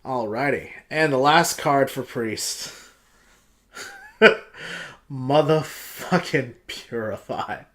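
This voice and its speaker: A man's voice: medium pitch, very slow, long pauses, fairly bright tone. A man reviewing game cards in a casual, profane, ranting style.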